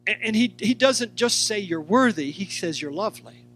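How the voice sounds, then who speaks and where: Animated high-voiced male Bible teacher. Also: normal speed, slight background noise. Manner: animated, acts out quotes and speaks directly to listeners. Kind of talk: sermon teaching.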